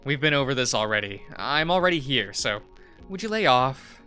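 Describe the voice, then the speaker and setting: A man's voice: mid-range voice, sing-song, moderate pace, sharp tone, smooth, soft background music. A man voicing the nervous, stammering young man in his twenties who is the visual novel's main character. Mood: flustered. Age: 20s.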